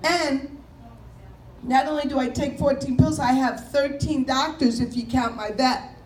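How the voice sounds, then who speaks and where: High-voiced New woman doing stand-up. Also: fairly even intonation, a little slow, a little mellow. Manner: chatty, storytelling, mimics voices and announcements. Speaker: comedian. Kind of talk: stand-up comedy set. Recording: echoey room with faint noise.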